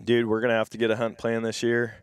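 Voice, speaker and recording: A man's voice: medium pitch, fast, clean tone, no room sound. A young man from Wisconsin with an Upper Midwest accent, hosting a casual podcast chat and acting out the voices in his stories. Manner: animated storyteller, acts out quoted voices. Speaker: podcast host.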